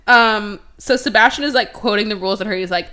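A young woman hosting a podcast in casual chat, sarcastic, often slipping into quick mocking voices for characters. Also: medium pitch, pushed and bright, clear, resonant tone. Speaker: podcast host.

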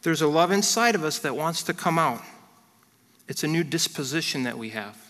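A man preaching a sermon as pastor, earnest and direct, dropping into soft prayer and light family stories. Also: fairly high pitch, animated, moderate pace, big-room sound. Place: church hall.

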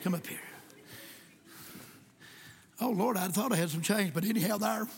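A man preaching a sermon. He is impassioned, jokes at times and rises to shouts in a church. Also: sits high, moderate pace, gravelly, background noise. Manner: impassioned, shouting at peaks, joking asides. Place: church sanctuary with congregation. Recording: echoey church hall.

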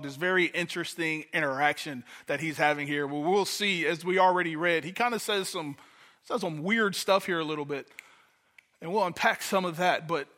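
Guest pastor from Detroit, man, bright and slightly high, chatty sermon delivery. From Detroit, USA. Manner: conversational, repeats words when starting a thought.

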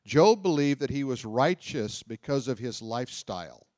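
In this sermon and Bible teaching, a man reads scripture and unpacks it in a conversational way, often putting questions to the audience. He speaks at normal speed with a medium-pitched, expressive, slightly mellow voice, recorded dry with clean studio sound.

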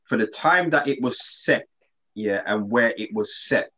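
A man, co-hosting a casual chat and telling a story in relaxed slang with many restarts. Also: medium pitch, a little slow. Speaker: podcast co-host. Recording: slightly dull lo-fi sound.

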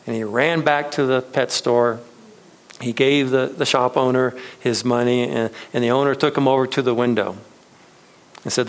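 A man's voice: mid-range voice, steady tone, moderate pace, gravelly. A man preaching a sermon, earnest and reflective, telling stories to make his point. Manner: earnest storytelling preacher, soft reflective closes. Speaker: pastor.

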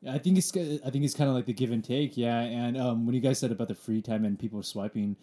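A man's voice: medium pitch, fast, dark tone. A man in a casual podcast chat, talking in a laid-back, offhand way.

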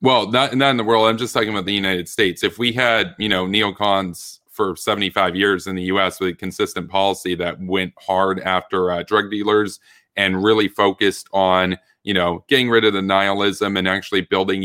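A man arguing his side in a political debate, earnest and halting, often restarting his sentences. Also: deep voice, flat delivery, sharp tone, smooth, dry recording, studio quality. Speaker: debate guest.

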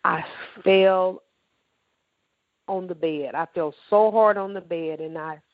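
A woman's voice: fairly low pitch, takes it slowly, dry recording, narrow, tinny audio. A woman telling her personal faith testimony in an emotional, emphatic way, acting out the dialogue as she goes. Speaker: testimony speaker.

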